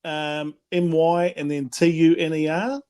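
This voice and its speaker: A man's voice: a little high, level tone, unhurried, darkish tone, clean tone. A man with an Australian accent co-hosting a casual sports fan show, chatty and jokey, patiently spelling out details for listeners. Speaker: podcast co-host. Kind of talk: casual fan chat, promos.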